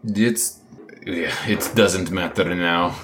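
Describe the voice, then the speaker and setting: A man doing a gruff old prisoner with a put-on accent. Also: low-pitched, takes it slowly, a bit bright, slight background noise. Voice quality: broken clipped English, bitter. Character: gruff older male prisoner with a Russian-style accent.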